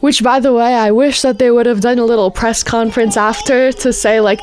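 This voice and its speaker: A woman's voice: a little high, fairly even intonation, fairly quick, few pauses, a little mellow. Heated, profane young woman ranting. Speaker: political commentator. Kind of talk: ranting political commentary.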